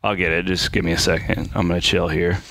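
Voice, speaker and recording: Low gravelly man chatting casually. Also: flat delivery, quick pace. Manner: chatty, thinks out loud. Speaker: quiz contestant. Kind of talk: casual chat.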